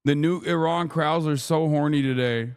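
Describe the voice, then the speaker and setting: A man's voice: a little high, moderate pace, a little mellow, clean tone. A man hosting a livestream, ranting profanely at his chat while commenting on the news. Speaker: streamer host.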